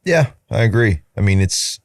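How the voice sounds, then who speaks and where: A man's voice: on the low side, animated, moderate pace, no room sound, clean studio sound. A man co-hosting a casual chat podcast, bantering playfully. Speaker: podcast co-host.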